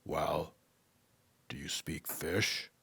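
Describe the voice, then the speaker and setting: A man's voice: fairly even intonation, drawn-out words, creaky, slightly rough, dry recording, heavily acted. A man whispering as a wise talking tree. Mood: patient. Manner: whispered, low and gentle. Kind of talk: whispered role-play.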